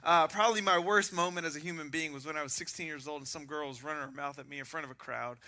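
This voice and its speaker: A man preaching a sermon as pastor, telling animated stories with self-mocking humor. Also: fairly high pitch, quick pace.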